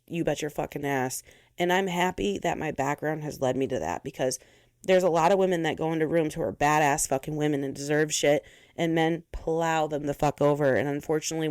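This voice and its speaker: A woman's voice: low voice, darkish tone, no echo, studio quality. A young woman hosting her own podcast, talking candidly in a blunt, fiery, heavily profane way. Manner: fiery, emphatic. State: close to tears. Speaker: podcast host. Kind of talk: candid monologue.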